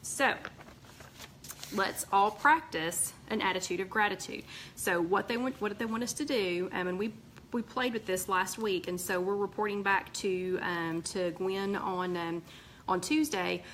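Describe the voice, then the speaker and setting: Hosting a casual weight-loss group live stream, a woman with a Southern American accent reads out viewer comments a little slowly, her mid-range voice fairly even. She's chatty and slightly tired, with warm asides and frequent ums and restarts, on a rough recording with some hiss or hum.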